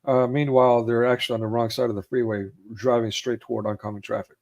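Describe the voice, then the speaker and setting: A man at an ordinary middle pitch talks casually about his favorite movies. He retells scenes in detail, with plenty of fillers and easy laughter. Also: flat delivery, quick pace, darkish tone. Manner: retells film scenes, acting out quotes with raised voice; laughs easily, many fillers. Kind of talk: casual chat about films.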